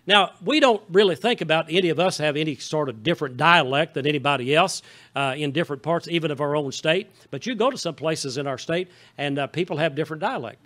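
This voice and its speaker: Folksy high-voiced Missouri pastor. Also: male voice, expressive, fast talker, a bit bright. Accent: Southern Missouri. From Southeast Missouri. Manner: folksy and conversational, often checking in with the congregation. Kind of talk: sermon. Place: church sanctuary.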